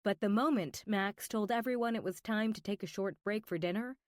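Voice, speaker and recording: A woman's voice: medium pitch, fairly quick, no echo, studio quality. A woman reading a first-person romance audiobook, intimate and emotional, with whispered asides. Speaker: audiobook narrator.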